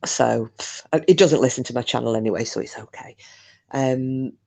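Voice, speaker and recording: A woman's voice: rumbling low, moderate pace, creaky, a little mellow. A woman, casually telling a ghost story in a chatty, rambling way, with swearing and restarts. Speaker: channel host.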